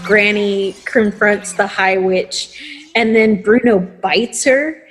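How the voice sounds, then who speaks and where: Woman podcast host, relaxed pace, animated retelling with voiced quotes. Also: mid-range voice, slow, low-quality recording. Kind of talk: casual chat.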